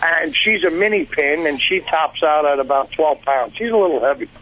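A man's voice: on the high side, expressive, moderate pace, fairly bright tone, muffled recording. A man with a Brooklyn accent calling in to a radio show, a truck driver who talks in a rambling, chatty way. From New Jersey. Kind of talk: phone-in chat.

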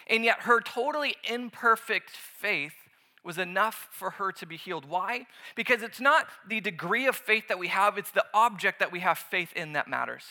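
A man preaching a sermon, lively and conversational, acting out voices when he tells stories. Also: sits high, normal speed. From United States. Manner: animated, acts out voices in anecdotes. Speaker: pastor.

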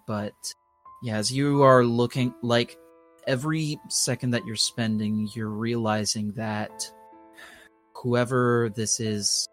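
A man narrating as game master in a slow, measured, descriptive way. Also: medium pitch.

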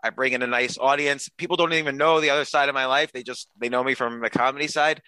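A man's voice: mid-range voice, fairly even intonation, fast, sharp tone, clear, resonant tone, no room sound, rough recording. A man guest on a podcast, an author and comedian, telling chatty self-deprecating stories with quoted dialogue. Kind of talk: casual storytelling interview.

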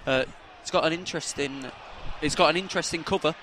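A man's voice: on the high side, fast talker, slight background noise. A man co-hosting a podcast, chatting and joking with a friend at a football match. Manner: joking, chatty, jumps between loud outbursts and mutters. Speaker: podcast co-host. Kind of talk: casual chat.

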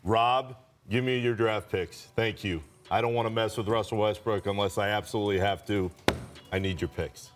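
A man's voice: lowish voice, steady tone, normal speed, slight background noise, natural voice. A man improvising as a worried basketball team general manager on a podcast, earnest and pleading. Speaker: basketball reporter. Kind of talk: improvised role-play on a podcast.

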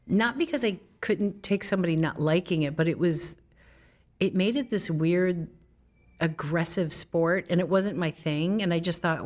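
Lively storytelling woman, lowish voice. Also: normal speed. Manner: lively storyteller who acts out quoted voices. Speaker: actress and comedian as guest. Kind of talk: candid interview storytelling.

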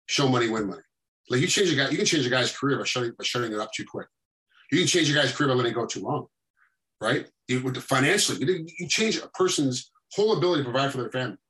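A man talks quickly in a bright, forceful voice, playing out ringside moments as he tells them. He is a guest and a referee in a casual interview. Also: medium pitch. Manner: animated storytelling that acts out fight scenes. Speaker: guest, MMA referee and former fighter.

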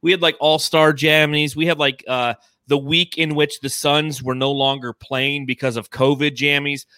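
Upbeat guy hosting a sports podcast, bright punchy voice, dry close sound. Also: fairly high pitch, level tone, normal speed, dry recording. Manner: upbeat, playful hype. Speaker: podcast co-host. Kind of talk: casual podcast chat.

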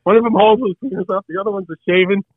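An older man rattles off a story at speed, his voice a little high for a man and lively as he acts out each person in it. The recording is dry and a bit muffled. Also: very fast, slight background noise. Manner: animated, acts out the other people in his story. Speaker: podcast co-host telling a story. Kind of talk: casual storytelling.

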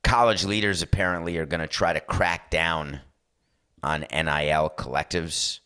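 A man's voice: a bass voice, normal speed, smooth. A man in his fifties hosting a sports talk show, delivering an opinionated, sarcastic monologue. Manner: animated, sarcastic, slips into mock voices.

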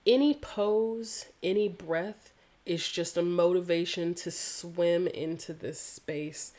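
Woman, from the American South, lowish voice, earnest, reflective, interview storytelling. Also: slow pace, a little mellow. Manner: reflective, earnest, casual swearing. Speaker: yoga practitioner guest.

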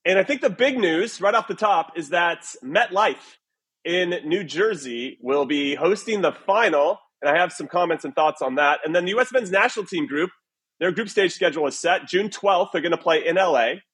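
A man's voice: sits high, lively intonation, normal speed, a bit bright, husky. A man hosting a casual soccer podcast, upbeat and playful as he runs a word quiz with his co-hosts over a video call. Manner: upbeat, playful quizmaster banter. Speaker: podcast host. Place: away from his usual recording spot.

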